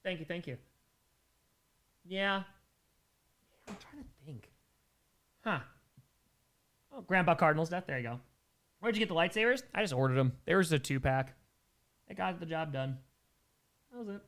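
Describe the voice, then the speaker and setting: A man with a slightly raised, light voice hosts a relaxed livestream Q&A, answering viewer questions at normal speed with frequent pauses. He rambles loosely and enthusiastically, breaking now and then to thank donors before continuing.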